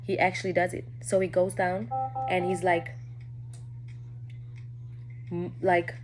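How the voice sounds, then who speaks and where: A woman telling a personal story to her viewers in a candid, casual way, often dropping low and quiet. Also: level tone, slow, music in the background.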